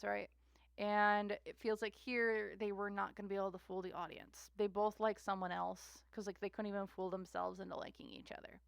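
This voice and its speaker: A woman's voice: medium pitch, vocal fry, fairly bright tone, dry recording. A woman giving a casual, rambling tarot reading monologue, repeating herself and trailing off into fillers. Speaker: tarot reader.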